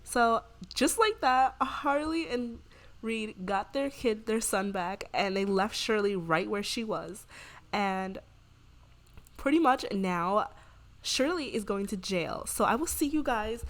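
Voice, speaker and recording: A woman narrating her game as a casual story, quoting the characters in quick voices and sometimes breaking into excited shrieks. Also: mid-range voice. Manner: chatty, retells scenes with quick quoted voices, bursts into excited shrieks. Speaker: gameplay narrator. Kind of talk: casual let's-play storytelling.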